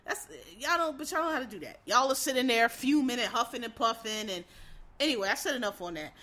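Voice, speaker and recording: A woman's voice: on the high side, fast talker, sharp tone. A woman giving a blunt, profane, emphatic rant of casual political commentary, talking straight to her listeners.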